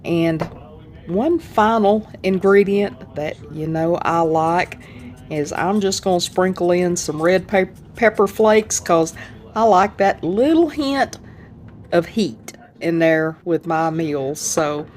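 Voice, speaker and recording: A woman's voice: on the low side, expressive, slow, a little mellow, slight background noise. A woman hosting a home cooking video, talking in a chatty, folksy way as she shows a dish. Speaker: home cooking channel host. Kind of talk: casual cooking demonstration.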